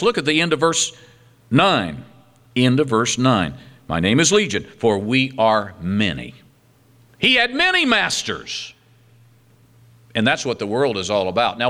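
Animated, bright-voiced male preacher. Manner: animated preaching with wide swings in pitch and loudness; reads scripture aloud and adds humorous asides. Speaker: pastor. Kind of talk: sermon.

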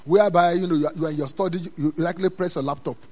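A man preaching a sermon in a church, dropping to quiet asides and then rising to loud, emphatic calls. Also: fairly high pitch, steady tone, racing. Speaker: pastor.

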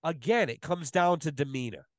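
Podcast guest, male, slightly high voice, dry close sound, swears constantly and tells stories with emphasis. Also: expressive, moderate pace, no room sound. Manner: profane, emphatic storytelling. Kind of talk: casual podcast chat.

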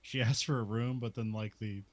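A man's voice: lowish voice, fairly even intonation, normal speed, slight background noise. A man casually recapping a western movie scene by scene, laughing often and filling his talk with "like". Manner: laughs often, many "like" fillers.

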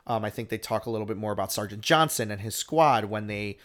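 A man's voice: fairly low pitch, fast, fairly bright tone. A man co-hosting a podcast, talking in a casual chat style, rambling with lots of fillers and restarts. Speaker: podcast co-host.

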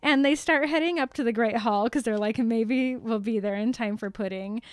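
A woman's voice: on the high side, normal speed, dry recording. A young woman co-hosting a podcast, recapping a book chapter in casual chat with lots of giggles and "like". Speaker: podcast co-host.

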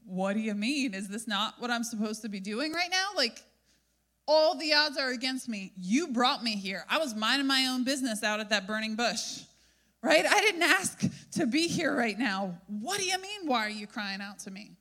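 A woman's voice: on the high side, expressive, moderate pace, pushed and bright. A woman preacher voicing an anxious male prophet who pleads with God in exasperated questions. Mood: exasperated pleading.

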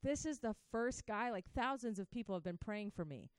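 A woman's voice: mid-range voice, lively intonation, moderate pace, clear, resonant tone, no room sound, clean studio sound. A woman preaching a sermon, telling her own testimony with fervent, direct appeals to the listeners. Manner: impassioned, talks straight to the crowd.

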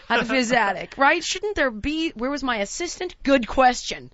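Animated woman telling a comic story. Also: sits high, moderate pace, few pauses. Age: 40s. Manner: animated, self-mocking, acts out quotes. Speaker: host. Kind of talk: comedic storytelling monologue. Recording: dull, lo-fi sound.

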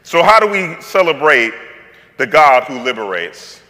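A man's voice: on the high side, sing-song, unhurried, pushed and bright, long reverb tail. A male pastor preaching a sermon in a playful, conversational way, with slang and joking asides.

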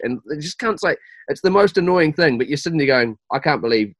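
Lively, animated man chatting. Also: on the high side, quick pace, dry recording. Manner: animated storyteller, laughs often. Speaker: podcast co-host. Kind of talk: casual banter.

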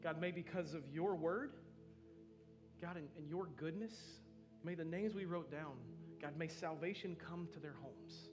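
A man's voice: fairly high pitch, unhurried, over music. A man in his thirties preaching a sermon as pastor, earnest and storytelling, often saying "man".

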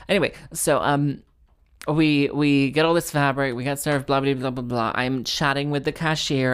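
A woman's voice: very deep voice, clear, resonant tone. A young woman hosting a podcast, telling stories in a rambling, self-mocking, tangent-hopping way. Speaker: podcast host. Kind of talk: casual comedic storytelling.

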